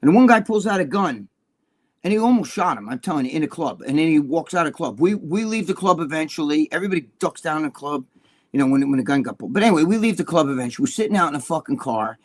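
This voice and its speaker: A man, co-hosting a casual live stream and telling profane, animated stories. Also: fairly high pitch, quick pace. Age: 60s. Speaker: co-host.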